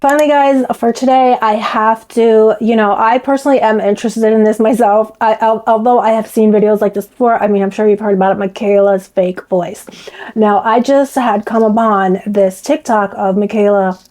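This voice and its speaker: A woman's voice: medium pitch, steady tone, moderate pace, darkish tone, rough recording. A woman chatting to her viewers in a gossipy, talkative way. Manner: chatty, gossipy, addresses viewers as you guys. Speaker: commentary vlogger. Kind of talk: casual chat to viewers.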